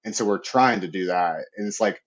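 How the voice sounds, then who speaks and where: Deep-voiced chatty man, dull lo-fi audio. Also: brisk. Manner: loose, chatty, leans on "like" and tag "right?". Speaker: podcast guest. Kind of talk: casual interview talk.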